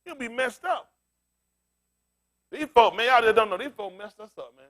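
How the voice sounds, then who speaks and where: Pastor guy preaching loose and loud, aave, high voice that jumps all over. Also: normal speed. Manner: loud, animated street preaching, laughing asides.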